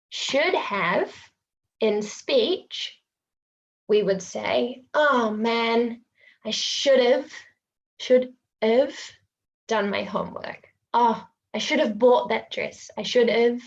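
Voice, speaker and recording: A woman's voice: on the high side, creaky, lo-fi sound. A woman with a New Zealand accent teaching English pronunciation in an online webinar, patiently repeating words so learners can copy them.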